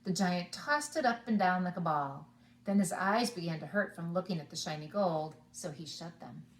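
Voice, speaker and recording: A woman preschool teacher reading a storybook to children, animated and inviting them to join in. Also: on the low side, moderate pace, reverberant, a little hiss or hum. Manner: animated, asks the children along.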